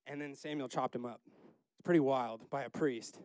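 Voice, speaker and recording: A man leading a casual Bible study, chatty and laughing, acting out the characters in quick asides. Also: medium pitch, darkish tone, clear, resonant tone, dry recording.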